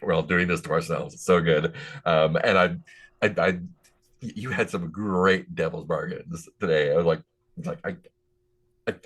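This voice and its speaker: Man, low voice, rambling casual chat, chuckles a lot, tabletop player. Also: moderate pace, long pauses, a bit bright, husky. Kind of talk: casual post-game chat.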